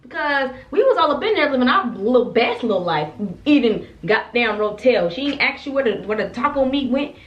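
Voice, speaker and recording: An animated young woman in her twenties tells a casual story time in an expressive, profane way. She sits away from the camera mic in a roomy space, so her voice sounds distant and echoey. The sound is a little dull, with faint noise underneath. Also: high voice, brisk, hardly any pauses. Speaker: soldier telling a story time.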